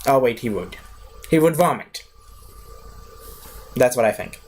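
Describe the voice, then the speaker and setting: A man's voice: medium pitch, expressive, measured pace, darkish tone. A young man reviewing a cartoon series in a loose, chatty, digressive way. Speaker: video reviewer. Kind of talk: casual rambling review.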